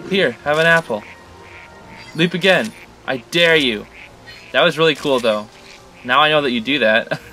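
Lively, excitable young gamer guy. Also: on the high side. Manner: excitable, talks to the creatures on screen. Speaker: gaming channel host. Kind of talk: let's-play commentary.

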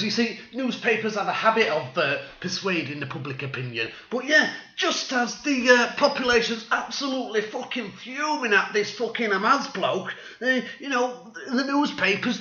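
A man's voice: very high voice, pushed and bright. A man delivering a sarcastic, swearing satirical rant. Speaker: vlogger. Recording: echoey room, dull lo-fi sound.

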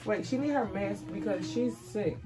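A young mother vlogs for her viewers in a casual family video, chatting away and coaxing her child along. Her voice sits in the mid range and moves at a moderate pace.

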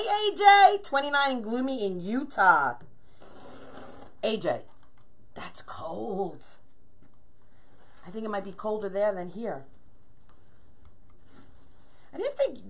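A woman with a fairly high voice hosts a casual crafting livestream. She chats with viewers, greets each one by name and counts her pieces aloud as she works, in a friendly, easygoing way. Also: very animated, a little slow, a bit bright. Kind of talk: chatty livestream while crafting.

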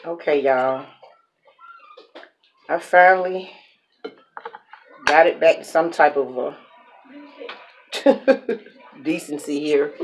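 A woman chats casually as she cooks at home, her voice sitting low. She talks herself through each step and laughs at her own slips. A faint hiss of noise sits under the camera mic. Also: drawn-out words, pauses often. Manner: chatty, self-talking, laughs at her own mistakes. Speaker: mukbang cooking vlogger. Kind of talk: casual cooking chat to camera. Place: home kitchen with grill.

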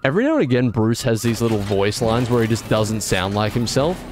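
A man's voice: on the low side, lively intonation, brisk, noisy background. A man streaming a video game, rambling and correcting himself, with exasperated outbursts. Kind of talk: casual gameplay commentary.

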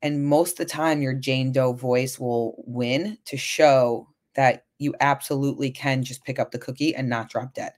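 A woman's voice: a bass voice, steady tone, moderate pace, few pauses, darkish tone. A woman lifestyle coach hosting a solo podcast, talking frankly and casually, often checking in with "right?". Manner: chatty, frank, frequent "right?" and swearing.

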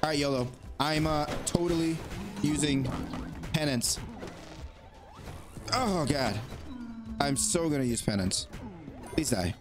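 A man with a slightly high voice talks through a video game, excitable and chatting straight to it. His voice jumps up into high yelps when things get tense. Soft game music plays underneath. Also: slow, long pauses. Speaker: gaming YouTuber. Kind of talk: let's play commentary.

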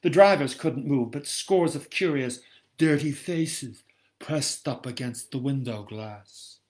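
A man reading his own novel aloud in measured first-person storytelling, heard over a video call from home. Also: medium pitch, darkish tone.

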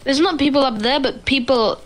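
A woman's voice: high voice, brisk. A woman streaming a video game, chatting casually and thinking aloud as she plays. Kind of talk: casual gaming chat.

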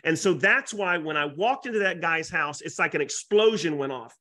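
Guesting on a webinar, a man who works as a realtor and YouTuber in Florida makes his pitch at a moderate pace, with salesy excitement and homespun exaggeration.

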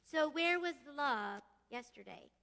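A woman's voice: high voice, a little slow. A woman preaching a casual, chatty sermon in a church sanctuary, leading her congregation through prayer and questions. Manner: chatty, animated, leads call-and-response singing. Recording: echoey church hall.

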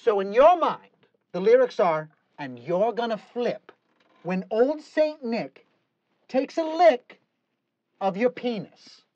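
A woman's voice: on the high side, sing-song, slow pace, warm tone, no echo, lo-fi sound. A woman directing a recording session, exasperated and correcting the singer again and again.

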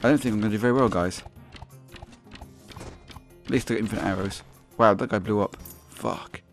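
A man's voice: fairly low pitch, fairly quick, soft background music. A man giving sweary, sarcastic let's-play commentary as he plays a video game. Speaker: gaming YouTuber.

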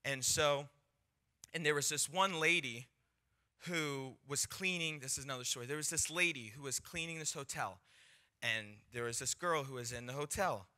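Young guy preaching, super bright sharp voice, acts out the people in his stories. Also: a little high, moderate pace. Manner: animated, acts out quoted voices, laughs between points. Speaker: speaker sharing a testimony. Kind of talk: sermon storytelling.

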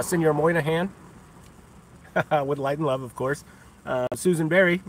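A livestream host rants profanely on his own stream, taunting and scornful, swearing freely and laughing often. His voice is a little high, and the background is noisy.

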